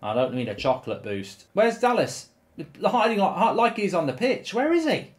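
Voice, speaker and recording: A man's voice: high voice, very animated, moderate pace. A man hosting his own channel, giving live commentary over a football management game, full of ranting, swearing and exasperated outbursts. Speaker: gaming YouTuber host.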